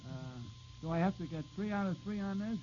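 High, husky-voiced quiz panelist man. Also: fairly even intonation, fast talker, mellow. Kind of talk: radio quiz show banter. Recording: dull lo-fi old radio broadcast, off mic.

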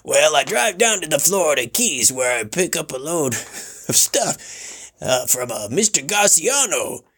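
A man voicing a dim-witted male truck driver who mumbles slow, flat answers. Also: fairly high pitch, husky, voice pushed up, heavily acted. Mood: dopey.

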